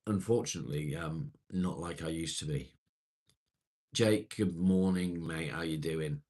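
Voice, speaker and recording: A man's voice: rumbling low, measured pace, darkish tone. A middle-aged man, casually chatting and reassuring viewers on a live stream.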